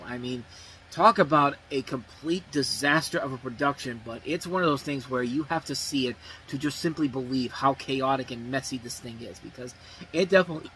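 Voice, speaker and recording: A man's voice: medium pitch, a little fast, a bit bright, a little hiss or hum, low-quality recording. A man hosting a movie review show, talking casually and rambling, with frequent restarts and self-corrections.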